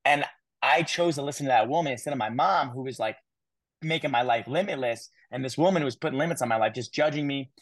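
A man in his thirties from the United States, a guest telling his life story in an interview, animated and quick to repeat words. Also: medium pitch, no echo. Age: 30s. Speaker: guest speaker.

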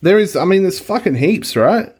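Lively co-host. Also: male voice, high voice, moderate pace, slight background noise. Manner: laid-back, sweary, lots of "yeah" backchannel. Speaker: podcast co-host. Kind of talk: casual podcast chat.

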